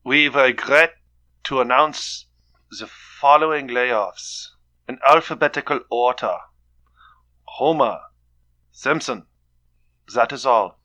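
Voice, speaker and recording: A humorless German man, put on by a man chatting on a comedy podcast, delivers every line in a flat, formal, deadpan way. He has a heavy German accent. His voice has a bright, forceful edge. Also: medium pitch, slow pace, long pauses.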